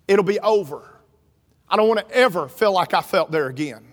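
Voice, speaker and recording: A middle-aged man preaching a sermon, telling a story and building up to shouting. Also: sits high, expressive, moderate pace. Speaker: pastor. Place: church sanctuary. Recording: reverberant hall.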